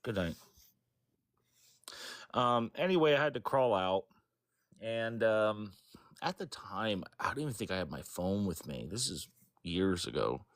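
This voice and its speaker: Low-voiced man telling a rambling story. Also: sing-song, dry recording, studio quality. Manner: rambling, halting, full of fillers and self-corrections. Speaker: interviewee. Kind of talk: casual storytelling.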